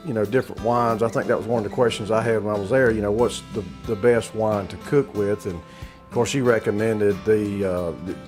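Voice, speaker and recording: A man's voice: fairly low pitch, fairly even intonation, fairly quick, darkish tone, faint music behind. A man with a Southern US accent hosting a cooking show, chatting casually with many fillers and restarts. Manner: rambling, hesitant, many fillers.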